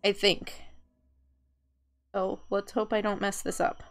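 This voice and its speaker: A woman's voice: mid-range voice, little pitch movement, slow pace. Woman narrating a game with asides. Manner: chatty asides between narration. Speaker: game reader. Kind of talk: reading a visual novel aloud.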